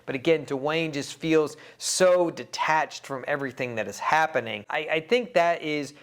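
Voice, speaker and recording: Man, casual film review, enthusiastic, rambling, chuckles often, a bit high-pitched. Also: normal speed, smooth. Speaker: movie reviewer.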